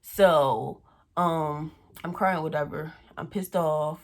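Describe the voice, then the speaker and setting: A woman's voice: sits low, fairly even intonation, slow. A young adult woman telling a personal story in a casual vlog, blunt and full of swearing. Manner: blunt, profane, chatty storytelling. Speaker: vlogger.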